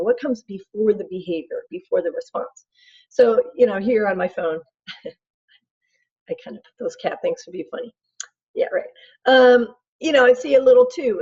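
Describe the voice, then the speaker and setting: Give me a casual middle-aged woman lecturer with a husky voice on a dull recording. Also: medium pitch, a little mellow. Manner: casual, chatty, acts out examples. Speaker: instructor.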